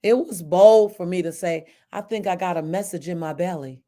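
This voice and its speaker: A woman's voice: on the low side, normal speed. A middle-aged woman, a motivational speaker, telling a personal story and addressing listeners by name. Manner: animated, talks to listeners by name. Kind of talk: storytelling to a live audience.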